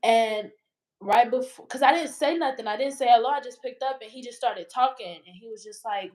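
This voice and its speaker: A woman's voice: a little high, fairly quick, darkish tone. A woman telling a personal story as an interview guest, in a candid, rambling way that swears freely.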